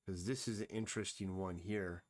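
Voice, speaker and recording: In a low, steady voice at a moderate pace, a comic artist narrates his live drawing stream. He talks casually and thinks out loud, often mumbling to himself.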